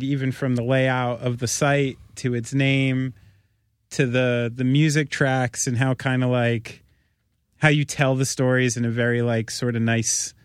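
Rambling podcast host, dry close mic. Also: male voice, medium pitch, clean tone, dry recording. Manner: rambling, swears and laughs freely. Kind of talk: casual chat.

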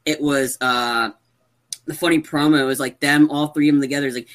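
A man co-hosting a casual podcast, retelling movie scenes in a rambling, animated way with lots of fillers. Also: a little high, a little fast. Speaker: podcast co-host. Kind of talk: casual chat.

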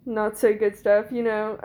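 A young woman in her twenties talks through a personal story as a podcast guest, her voice sitting a little on the high side. She rambles happily, leans on "like" and breaks into laughter often. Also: animated, takes it slowly, warm tone. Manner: chatty, frequent "like" fillers and laughter. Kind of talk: casual storytelling.

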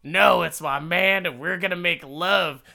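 A man's voice: a little slow, creaky, bright, forceful tone, heavily acted. A man voicing a clingy, lovestruck young farm woman in a pleading, raised voice. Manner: pleading, breathless, raised pitch.

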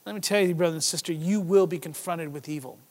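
A man preaching a sermon, with swings between loud, emphatic passages and hushed, low stretches, and some restarts. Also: fast.

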